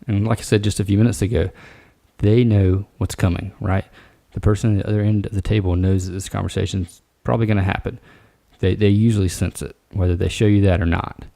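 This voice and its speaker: A man hosts a solo advice podcast, speaking low with a gravelly edge. His tone is mellow and relaxed, direct and coaching rather than formal. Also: fairly quick. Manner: casual, direct, coaching tone with frequent "all right". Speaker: podcast host.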